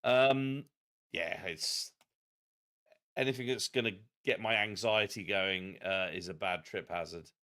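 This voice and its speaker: A man streaming a geography game, chatting in an animated, self-deprecating way. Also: on the low side, unhurried. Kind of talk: live-stream game commentary.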